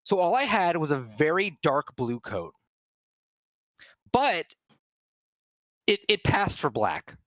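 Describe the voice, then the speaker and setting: A man's voice: a little high, very animated, slow, long pauses, fairly bright tone, no room sound. A man streaming, telling a funny story in casual chat, laughing and restarting often.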